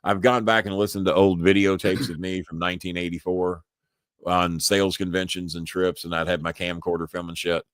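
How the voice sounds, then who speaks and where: An older man with a Southern accent hosts a live podcast, his voice sitting very low. He rambles, restarts words and chuckles often. The sound is dry, with no room echo. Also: level tone, a little fast. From Louisville, Kentucky. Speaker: podcast host. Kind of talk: casual live-stream chat.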